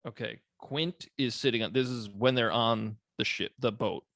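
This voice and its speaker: A man's voice: medium pitch, normal speed, creaky, a bit bright, dry recording, studio quality. A young man co-hosting a podcast, talking about a movie in laid-back, joking chat, laughing often and swearing freely. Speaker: podcast co-host.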